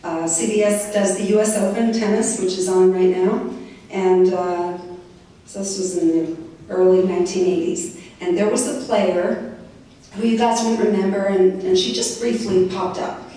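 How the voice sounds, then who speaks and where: A woman in her sixties giving a lively, anecdotal talk to high school students, acting out the people in her stories. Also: moderate pace. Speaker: guest speaker. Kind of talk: storytelling speech to students. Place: large echoey high school hall. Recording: echoey hall, distant mic.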